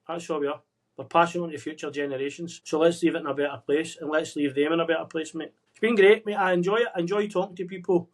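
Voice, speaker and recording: An earnest man talks quickly, pressing out encouragement in a slightly raised voice. He keeps turning to the listener with a friendly "mate", like a pep talk between old friends. The sound is that of a video call. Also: on the high side, steady tone. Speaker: podcast guest. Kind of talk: motivational casual chat. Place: remote conversation across the world.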